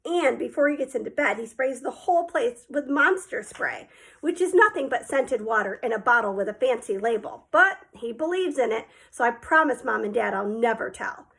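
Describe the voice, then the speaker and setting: A woman narrating a children's book aloud in lively first person. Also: a little high, normal speed, vocal fry, breathy edge. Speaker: audiobook reader. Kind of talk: storybook narration.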